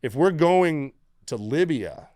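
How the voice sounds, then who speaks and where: A middle-aged man from the United States, a former Navy SEAL guest telling stories in a casual, profane, animated way. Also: a little high, slow pace, no echo, studio quality. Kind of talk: casual storytelling.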